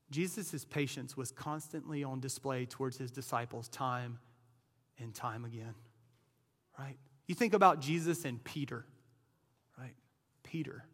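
A man's voice: fairly high pitch, in a large hall. A man preaching a sermon as pastor, talking casually, often restarting words and checking in with "right?". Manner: conversational, repeats words, frequent "right?".

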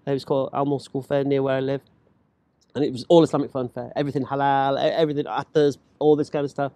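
A man telling a personal story in casual chat, animated and acting out the voices of others. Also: mid-range voice, quick pace, no echo. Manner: animated, acts out quoted voices, laughs while talking.

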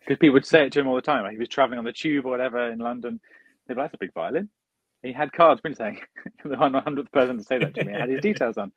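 A husky male voice, recorded dry and close, chats as a podcast guest. He tells anecdotes with dry humor, now and then acting out what other people said. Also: medium pitch, rapid-fire, no echo, muffled recording. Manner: storytelling, dry humor, acts out quoted lines. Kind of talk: casual chat.

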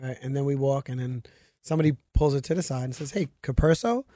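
A man's voice: mid-range voice, quick pace, no room sound, clean studio sound. A man casually telling a story to a host, acting out the people in it. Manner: animated, acts out the people in his story.

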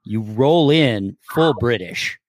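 A man, an actor, telling jokes and stories in an animated way during an interview. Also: mid-range voice, slow, no room sound. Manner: animated, joking storyteller. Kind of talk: casual interview chat.

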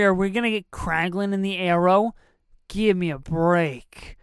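A podcast host reacting emotionally while watching a movie for a commentary episode, excitable and dropping to whispers at moving moments. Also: medium pitch, slow, clean tone, no echo, studio quality.

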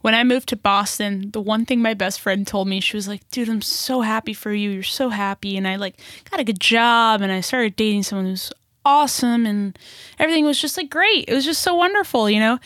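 Animated young woman, casual chat. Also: a little high, brisk, no echo, clean studio sound. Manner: animated storytelling, heavy swearing, laughing often.

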